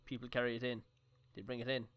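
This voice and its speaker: A man's voice: medium pitch, level tone, fast, a bit bright. Joking, swearing gamer man. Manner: jokey, swears, thinks aloud. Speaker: let's play gamer. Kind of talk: horror game commentary.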